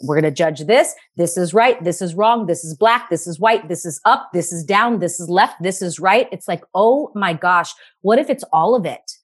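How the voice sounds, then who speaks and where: A woman guest in a casual podcast interview, talking in an animated way and repeating phrases for emphasis. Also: lowish voice, moderate pace, few pauses, breathy edge.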